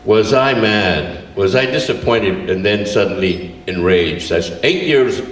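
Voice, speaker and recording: Before a live audience, a man in his 70s from California recounts a story from his childhood with plenty of chuckles and fillers. He sounds animated and laughs often, captured from afar in a roomy space with a faint rumble.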